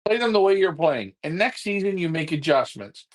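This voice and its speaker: A man's voice: on the high side, lively intonation, normal speed. A man, co-hosting a live pigeon-club stream, ranting bluntly and repeating himself when fired up. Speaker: pigeon racing club co-host.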